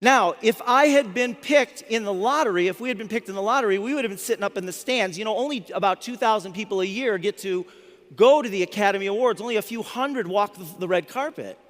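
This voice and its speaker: A man in his fifties, a motivational speaker, telling a story to a live audience in an animated way, often restarting his words. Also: high-pitched, fast talker. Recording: long hall reverb.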